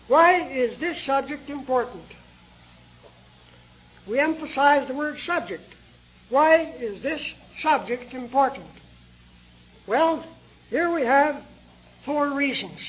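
An older man preaching a sermon in a slow, measured, earnest way, asking rhetorical questions, on a dull lo-fi old tape recording. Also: very high-pitched.

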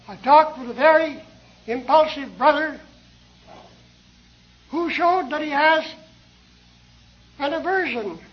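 Slow, high-voiced older male preacher. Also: dull audio. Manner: slow, measured, earnest delivery with rhetorical questions. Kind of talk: sermon.

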